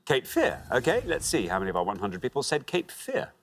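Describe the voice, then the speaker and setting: Lively man hosting a quiz. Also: mid-range voice, fairly quick, slight background noise. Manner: lively, chatty and jovial with contestants. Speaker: quiz show host. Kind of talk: game show hosting. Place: TV studio.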